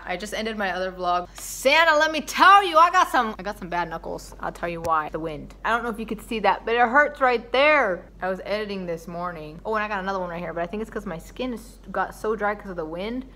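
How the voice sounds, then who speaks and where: A woman's voice: medium pitch, a bit bright, a little hiss or hum. A young woman chatting playfully to camera at home as a vlogger, joking around. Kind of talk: casual chat to camera. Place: indoors at home, windy outside.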